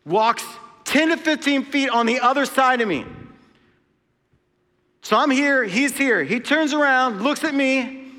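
A man's voice: very high voice, a little slow, pauses often, sharp tone. A man preaching a sermon in a church hall, telling a story with lots of casual asides. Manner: conversational storytelling with frequent asides. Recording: long hall reverb.

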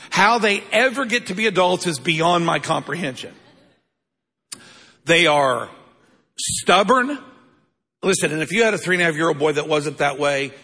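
An older male pastor preaches with a high, bright and forceful voice, firing rhetorical questions at the congregation. His tone carries a husky edge, and his words ring out with the long reverb of a large church hall. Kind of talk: sermon. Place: church sanctuary.

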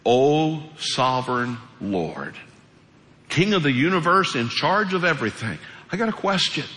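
A preacher acting out Abraham, fretful and folksy. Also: male voice, mid-range voice, bright, forceful tone, long reverb tail. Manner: plain-spoken, drawling complaint. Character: aged patriarch Abraham, folksy and fretful, questioning God.

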